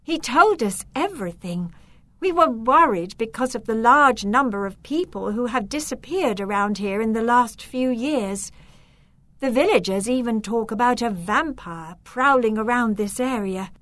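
A woman voicing a kind noble countess in a storybook reading, gentle but firm. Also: a little high, expressive, measured pace, no echo, voice pushed up. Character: kind, decisive noble aunt.

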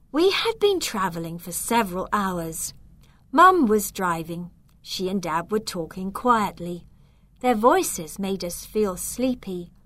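A woman narrating a children's storybook aloud in a clear, measured way. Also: mid-range voice. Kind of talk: storybook reading.

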